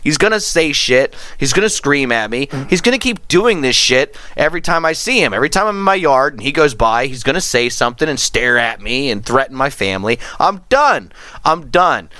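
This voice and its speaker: Man, podcast host, casual storytelling, profane, lively pitch, bright tone, dry sound. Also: no echo. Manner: profane, animated storytelling, acting out quotes.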